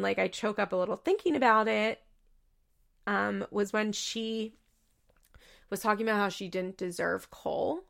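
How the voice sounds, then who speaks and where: A young woman hosting a podcast, recapping a reality show in rambling casual chat, emotional and quick to laugh. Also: on the high side, vocal fry, fairly bright tone, clean tone. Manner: chatty, rambling, full of "like" and self-corrections.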